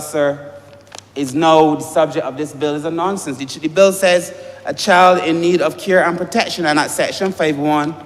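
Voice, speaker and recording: Man, parliamentary debate, emphatic, keeps saying sir, fairly high voice, long chamber reverb. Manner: emphatic, repeatedly addressing the chair as sir. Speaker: member of parliament.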